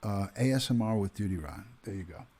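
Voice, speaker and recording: A husky man in his fifties chats casually on a livestream. His voice sits low, and he greets viewers by name, his talk full of ums and uhs. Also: expressive, a little fast, mellow. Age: 50s. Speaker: retired police detective hosting a livestream.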